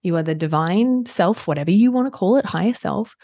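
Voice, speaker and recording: A woman's voice: mid-range voice, expressive, fairly quick, dry recording. A woman hosting a podcast in a casual conversation, affirming her guest and murmuring agreement often. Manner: warm, affirming listener, frequent agreeing murmurs. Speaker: podcast host.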